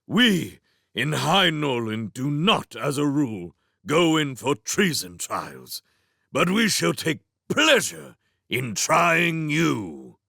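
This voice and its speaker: A man voicing a pompous, fussy old king in a storybook reading, booming and exclaiming. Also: sing-song, slow pace, vocal fry, bright, forceful tone, dry recording, studio quality, full character voice. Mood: blustering.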